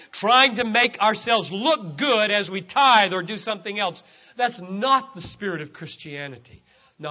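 Emphatic high-voiced male preacher. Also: muffled recording. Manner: emphatic, repeats key words, swings between loud stresses and quiet drops. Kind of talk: sermon.

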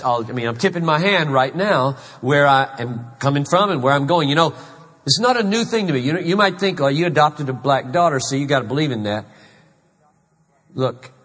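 A man's voice: mid-range voice, fairly bright tone, husky. A man in his fifties from South Carolina, preaching a sermon as a pastor, earnest and emphatic, often repeating himself for weight. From South Carolina, USA. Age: 50s. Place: large church hall. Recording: long hall reverb.

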